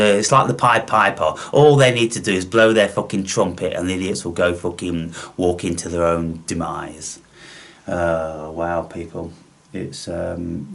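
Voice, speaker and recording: A low-pitched man rants into the camera with scorn and frequent swearing. His delivery rambles, looping through fillers and repeated phrases as he lectures his viewers. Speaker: vlogger. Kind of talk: ranting monologue.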